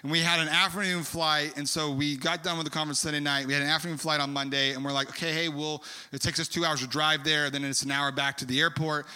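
A man from California telling a rambling, animated story in a sermon, full of fillers and asides. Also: fairly high pitch, fast, few pauses, smooth. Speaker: preacher. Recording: long hall reverb.

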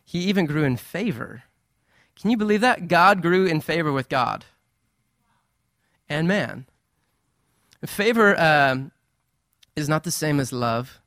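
A man delivers a sermon with a slightly high voice, talking to the congregation like friends, animated and playful. The sound is dry and close, with no room echo. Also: takes it slowly, long pauses. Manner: conversational, animated preaching with playful asides. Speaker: pastor.

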